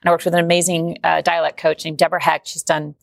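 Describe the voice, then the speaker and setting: A woman from Georgia, a guest performer on a morning TV show, chatting lively with frequent laughs and restarted sentences. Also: on the low side, fast, vocal fry, no room sound. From Georgia, US South. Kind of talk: chatty interview. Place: TV studio.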